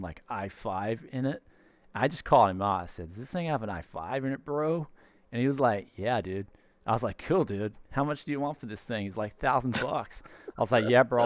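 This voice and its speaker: A man's voice: mid-range voice, dry recording, close to an everyday voice. A laid-back American dude rambles through a story, put on by a man. He drawls through "bro" and "dude." The sound is dry and close.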